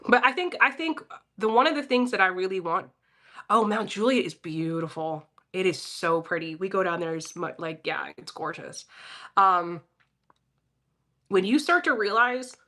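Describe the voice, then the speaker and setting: A woman's voice: medium pitch, moderate pace, fairly bright tone. A woman from Philadelphia giving a casual, profane pep talk on a livestream and answering her chat. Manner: blunt, profane, talks straight to chat.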